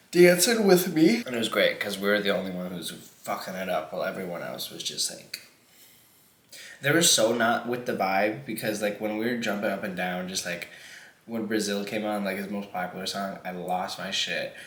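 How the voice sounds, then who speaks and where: A man with a lowish, fairly bright voice vlogs a mukbang, telling a rambling, profane story while eating and laughing often. The room is echoey.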